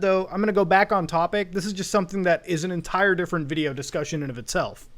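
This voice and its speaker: A man doing sarcastic, animated commentary on a video channel, swearing casually. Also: a little high. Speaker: commentary YouTuber. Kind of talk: reaction commentary.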